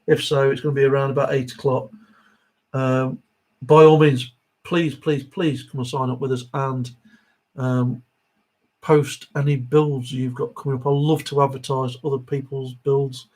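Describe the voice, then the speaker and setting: A man's voice: mid-range voice, flat delivery, moderate pace, darkish tone, rough recording. A middle-aged man hosting a live Q&A stream, chatting casually and reading viewer comments aloud.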